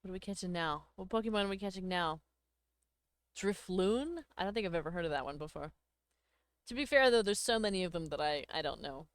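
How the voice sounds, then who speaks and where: A woman chats easily with her viewers on a livestream, thanking them as she goes. Her voice is smooth and clear, recorded close and dry with no room sound. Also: lowish voice, a little fast, no echo. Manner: chatty, thanks viewers, laughs often. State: hiccups. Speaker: livestream host. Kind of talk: casual chat with viewers.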